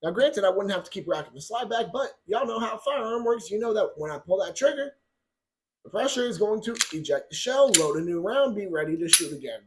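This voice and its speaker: Brief: high-voiced man on a hot-headed, cursing rant for his gun channel. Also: expressive, a little fast, a little hiss or hum. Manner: blunt, profane and heated. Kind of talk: ranting commentary.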